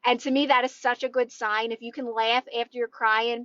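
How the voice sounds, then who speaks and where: A woman's voice: a little high, flat delivery, a little fast, fairly bright tone, no room sound, muffled recording. A woman coaching viewers in a chatty, encouraging live stream from her parked car, often checking in with "right?". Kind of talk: casual live-stream motivational chat.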